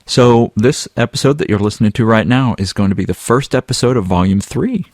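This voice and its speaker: A man co-hosting a podcast, relaxed and chatty with plenty of ums and uhs. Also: on the low side, brisk, no room sound, clean studio sound. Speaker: podcast co-host. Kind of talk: casual podcast chat.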